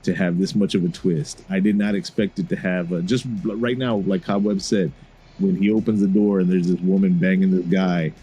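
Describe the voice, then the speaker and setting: A man's voice: low-pitched, steady tone, mellow, a little hiss or hum. A congested man co-hosting a casual podcast, joking and stretching out his phrases. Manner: loose, joking, drawn-out phrasing. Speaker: podcast co-host. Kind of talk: casual chat.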